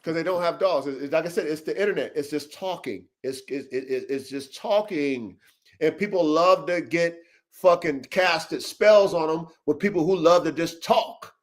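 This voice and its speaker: A high-voiced man hosting a dog podcast on a livestream, preaching to his listeners in short, repetitive, swear-laden bursts. His voice rings in a roomy, echoey space. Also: normal speed. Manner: emphatic, preachy, repetitive pep-talk with profanity. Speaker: podcast host, dog breeder. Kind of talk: casual livestream podcast talk. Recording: roomy echo.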